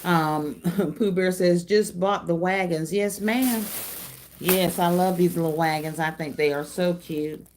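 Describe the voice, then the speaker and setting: Middle-aged woman host, folksy and chatty, slightly low voice, faint hiss underneath. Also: fairly even intonation, measured pace. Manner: chatty, folksy, calls viewers y'all and darling. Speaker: craft channel host. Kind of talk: casual livestream chat reading comments.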